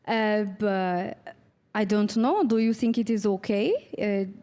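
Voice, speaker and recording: A woman's voice: mid-range voice, fairly even intonation, takes it slowly, dark tone, in a large hall, natural voice. A woman putting on a hesitant, self-deprecating French accent. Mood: playful. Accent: put-on French.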